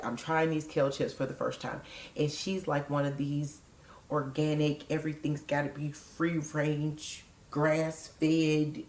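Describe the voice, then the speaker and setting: A woman's voice: low voice, darkish tone, reverberant. A woman vlogging in a casual, chatty way, frank and digressive, with joking asides. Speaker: vlogger sharing weight-loss surgery experience.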